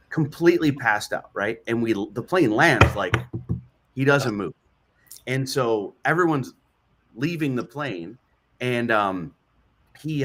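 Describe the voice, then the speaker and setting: A man, a comedian guest, chatting casually and telling funny stories, acting out the voices of the people in them. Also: mid-range voice. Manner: animated, acts out voices in his stories.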